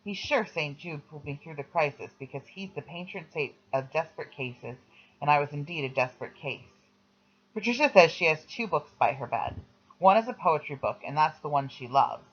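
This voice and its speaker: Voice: mid-range voice, breathy edge. Reader telling a memoir story. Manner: plain storytelling, quoting voices. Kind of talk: audiobook narration. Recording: slightly dull lo-fi recording.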